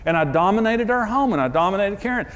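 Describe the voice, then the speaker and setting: This marriage preacher's high, slightly bright voice moves at a quick pace with lively intonation. He tells candid personal stories that poke fun at himself, building emphatically up to each punchline.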